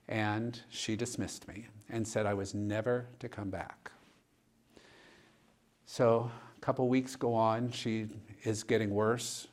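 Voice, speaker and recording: A man, a pastor, telling a personal story in a relaxed conversational way during a discussion, often retelling dialogue. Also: on the low side. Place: church.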